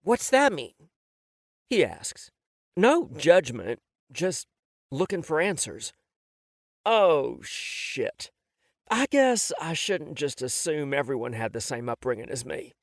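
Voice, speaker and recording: A man's voice: fairly high pitch, sing-song, measured pace, no echo. A man narrating a novel in the first person, wry and self-mocking, on a close studio mic. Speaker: audiobook narrator.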